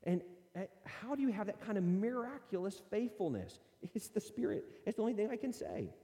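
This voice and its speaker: Animated preacher man, reverberant hall. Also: high voice, fairly quick. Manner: animated, conversational preaching with scripture readings. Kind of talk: sermon.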